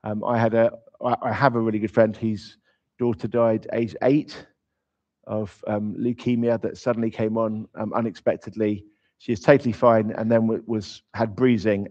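A man's voice: on the low side, darkish tone. A man preaching in an informal, conversational way. He is emphatic and drops in humorous asides. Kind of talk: conversational sermon. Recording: slightly dull, lo-fi sound.

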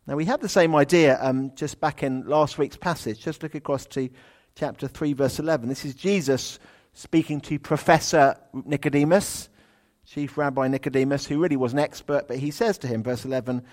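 Chatty preacher giving a sermon. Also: male voice, fairly high pitch, moderate pace. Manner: chatty, humorous, animated when reading aloud.

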